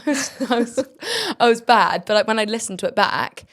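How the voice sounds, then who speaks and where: Young woman, low voice, chatty guest, laughs a lot, says like constantly. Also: fairly quick. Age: young adult. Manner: chatty, laughs often, many "like" fillers. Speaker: guest singer. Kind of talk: casual interview chat.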